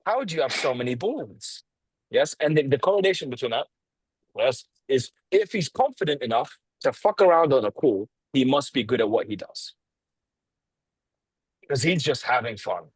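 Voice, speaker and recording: Guy coaching sales over a video call, swears a lot, husky voice, really dry sound, lots of pauses and punchy emphasis. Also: medium pitch, dry recording, poor audio. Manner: blunt, swears freely, lively tonality with pauses and emphasis.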